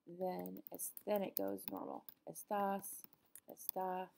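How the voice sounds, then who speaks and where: A middle-aged woman teaching a recorded Spanish lesson, explaining patiently with frequent pauses and ums. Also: fairly low pitch, big pitch swings, gravelly, warm tone.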